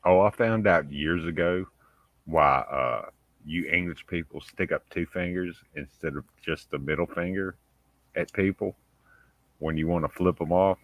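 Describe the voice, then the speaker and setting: A man's voice: low-pitched, a little slow, no room sound. A man chats in a laid-back, joking way. The recording is dry, with no room sound. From United States. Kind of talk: casual chat.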